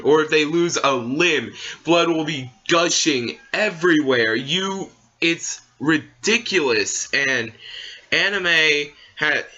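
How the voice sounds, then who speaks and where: Rambling young man with a bright voice. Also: a little high, lo-fi sound. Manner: rambling, full of fillers and restarts. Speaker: vlogger. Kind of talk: casual opinion rant.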